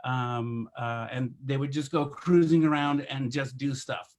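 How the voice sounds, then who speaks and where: A podcast guest who grew up in India and works as a photographer tells stories during a relaxed interview, acting out each character's voice with lively energy. His pitch is medium and his speech a little slow, with slight hiss or hum in the recording.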